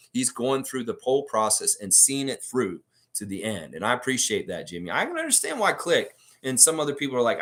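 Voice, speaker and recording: Animated man hosting a live fan stream. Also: medium pitch. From Canada. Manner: animated, reads viewer comments aloud and reacts. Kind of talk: casual live-stream commentary.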